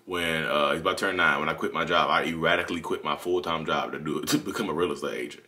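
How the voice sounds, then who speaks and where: Fast-talking deep-voiced man. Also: pushed and bright. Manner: candid, rambling, self-correcting. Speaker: channel host. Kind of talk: confessional monologue.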